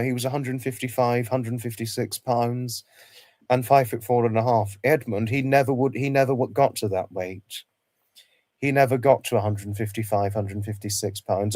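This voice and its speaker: A man speaks on a casual livestream in a middle-pitched voice, talking haltingly, circling back and repeating phrases as he gropes for words. The sound is dry and close, with no room around it. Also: darkish tone, no echo. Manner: halting, repeats himself, many restarts. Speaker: livestream host.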